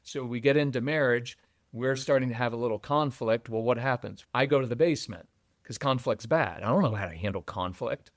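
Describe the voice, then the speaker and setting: A man's voice: mid-range voice, brisk, no echo. Earnest older man, dry sound. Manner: earnest, heartfelt, rambling. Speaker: guest parenting coach. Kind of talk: podcast conversation.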